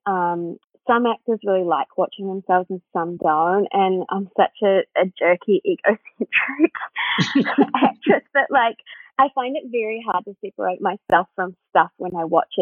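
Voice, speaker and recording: A woman's voice: on the low side, no room sound. A woman guest, an actress, chatting in an interview and telling a story animatedly with plenty of laughter. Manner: animated storyteller who acts out quoted voices, laughing often. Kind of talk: casual interview chat. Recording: tinny phone-like line, dry.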